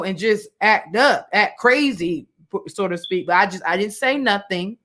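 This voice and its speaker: A woman's voice: mid-range voice, normal speed, fairly bright tone. Woman preacher, casual storytelling sermon, rambling delivery. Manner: conversational, many fillers and restarts, colloquial. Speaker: women's Bible study teacher. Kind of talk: informal sermon with personal story.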